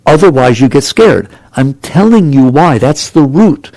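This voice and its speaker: An older man delivering a spiritual talk in a lively, sweeping voice that rises and falls freely, with a gravelly edge at the ends of phrases. He questions his audience playfully and turns animated as he presses each point. The sound is close and dry. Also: fairly high pitch, measured pace, no room sound, rough recording. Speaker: spiritual teacher.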